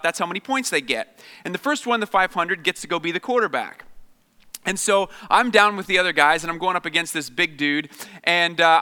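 Guest speaker, male, 30s; smooth, resonant voice; chatty and self-deprecating, lots of fillers. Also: a little high, sharp tone. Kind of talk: humorous personal storytelling to an audience. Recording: long reverb of a large hall.

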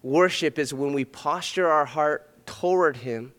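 A man preaching a sermon as pastor, earnest, swinging between loud emphatic passages and soft hushed ones. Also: a little high, a little slow. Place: church sanctuary. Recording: long reverb of a hall.

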